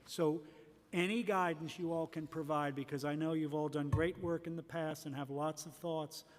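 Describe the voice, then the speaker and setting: Man, slightly high voice, rambling earnest remarks, reverberant hall. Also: fairly even intonation, moderate pace. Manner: rambling, earnest, long run-on sentences. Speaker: commission member. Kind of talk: formal remarks at public hearing. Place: large city hall hearing room.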